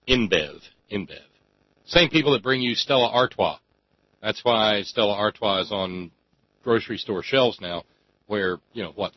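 A man hosting a radio call-in show, talking emphatically with drawn-out phrasing and many fillers. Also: lowish voice, breathy edge, no room sound. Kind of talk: talk radio monologue and call-in chat. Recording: dry, slightly dull radio studio sound.

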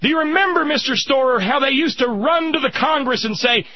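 A man giving impassioned political commentary, sarcastic and indignant, rising to shouts. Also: extremely high pitch, brisk, few pauses, no echo, highs cut off.

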